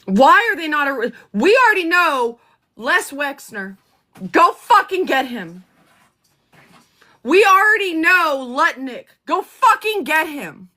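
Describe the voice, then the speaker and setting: A woman's voice: high voice, big pitch swings, sharp tone. A woman vlogger delivering a heated, profane live rant on politics. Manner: heated, profane, fast-talking.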